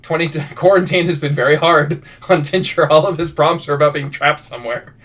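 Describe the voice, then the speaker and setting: A man's voice: fairly high pitch, steady tone, brisk, fairly bright tone. A man live-streaming his writing, rambling casually through viewer prompts with lots of restarts and self-deprecating asides. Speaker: fiction writer live-streaming. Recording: voice somewhat far from mic.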